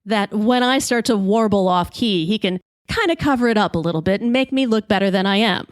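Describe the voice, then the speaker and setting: A woman podcast host telling a comic story in a lively, brash way, swearing freely. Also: mid-range voice, a little fast, no room sound, studio quality.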